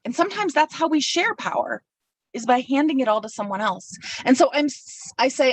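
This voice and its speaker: A woman's voice: sits high, sing-song, a little fast, no room sound, recorded from a distance, low-quality recording. A woman delivering a sermon from a pulpit, reflective and personal, speaking her feelings aloud as she works through them. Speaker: minister.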